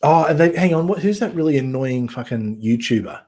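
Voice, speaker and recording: A man hosting a casual online chat show, rambling and halting with many ums and restarts. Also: a little high, lively intonation, warm tone, husky. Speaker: podcast host.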